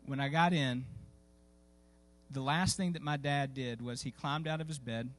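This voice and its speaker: A man's voice: mid-range voice, steady tone, moderate pace, a bit bright. A man preaching a sermon, telling a story in a folksy, conversational way with many fillers and restarts. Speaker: pastor. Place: church sanctuary.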